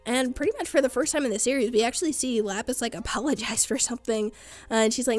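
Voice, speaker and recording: A woman's voice: fairly high pitch, steady tone, normal speed, darkish tone, soft background music. Chatty young woman reviewing a cartoon. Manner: chatty, laughs often, quotes characters loosely. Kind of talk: casual recap and opinion.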